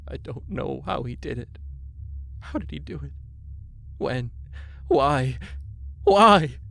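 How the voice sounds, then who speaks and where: A man's voice: medium pitch, animated, slow pace, vocal fry, sharp tone, voice pushed up, heavily acted. A man doing a scratchy-throated furious man. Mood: anguished. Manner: barking, then breaking into anguished cries. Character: distraught grown man, furious then sobbing.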